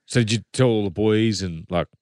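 A man with an Australian accent hosting a casual chat, throwing in quick questions and agreement. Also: on the low side, darkish tone, clear, resonant tone, no room sound, clean studio sound. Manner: quick chatty interjections and questions. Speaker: podcast host.

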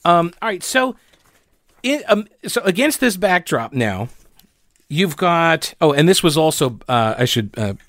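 A man's voice: fairly high pitch, sing-song, a little slow, fairly bright tone, dry recording. A male radio talk show host from North Carolina, chatty and sarcastic, full of fillers and restarts. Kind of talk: casual political commentary.

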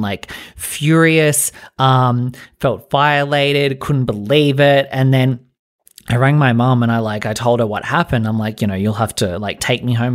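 An Australian man rants as a podcast host, indignant and sweary, recounting a run-in and slipping into mocking voices for the people he quotes. His pitch sits in a middling range for a man, and his talk is loose and casual. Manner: indignant, profane, quotes others in mock voices. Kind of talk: casual rant.

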